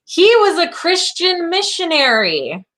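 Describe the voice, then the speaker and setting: A woman co-hosting a casual true-crime podcast, telling the story in an animated way. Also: a little slow. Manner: animated storytelling, acts out quotes in a high voice. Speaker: podcast co-host.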